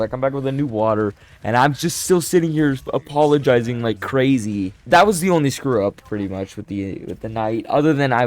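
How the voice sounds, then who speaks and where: A young man telling a casual storytime, animated and self-deprecating, often restarting his sentences. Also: medium pitch. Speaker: storyteller vlogger.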